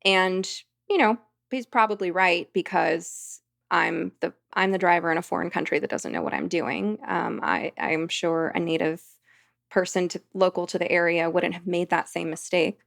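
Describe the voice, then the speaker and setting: A woman's voice: fairly low pitch, normal speed, gravelly. A woman, a podcast guest, telling a vivid story in casual conversation. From United States.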